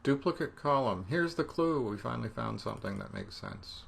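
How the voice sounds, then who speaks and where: Gravelly-voiced man explaining code on screen. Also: medium pitch, normal speed, a little hiss or hum. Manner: relaxed, thinking aloud, self-deprecating. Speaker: programming instructor. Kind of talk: screencast coding tutorial.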